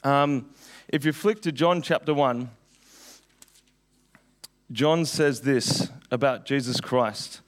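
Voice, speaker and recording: Hoarse man preaching in church. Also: mid-range voice. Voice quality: slightly husky. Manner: casual, chatty opening then slow earnest prayer. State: hoarse, frog in throat. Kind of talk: sermon and prayer. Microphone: handheld mic.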